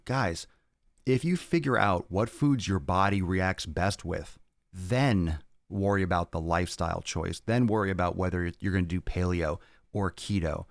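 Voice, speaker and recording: Deep-voiced blunt fitness host, dry sound. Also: male voice, dry recording. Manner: blunt, profane and ranting. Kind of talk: casual Q&A answering viewer questions.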